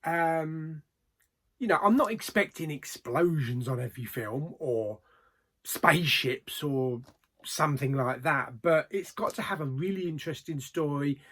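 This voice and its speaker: A man reviewing films in a casual vlog, plain-spoken, with frequent ums and trailing pauses. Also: a little high, a bit bright. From Australia. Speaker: movie reviewer.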